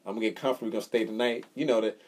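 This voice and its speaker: A man's voice: on the low side, steady tone, very fast, darkish tone, husky. A man co-hosting a casual podcast chat, telling a story with swearing and acting out the quotes. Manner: storytelling, profane, acts out quotes. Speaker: podcast co-host.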